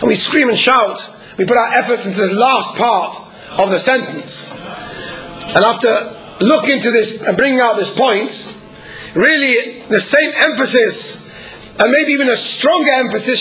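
A man with a very high, bright voice delivers an earnest sermon. He speaks in measured phrases with frequent pauses. Now and then he clears his throat. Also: low-quality recording.

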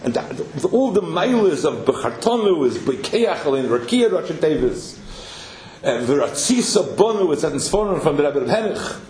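A man telling a story as a sermon, animated, with many Yiddish and Hebrew terms in his English. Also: high-pitched, echoey room.

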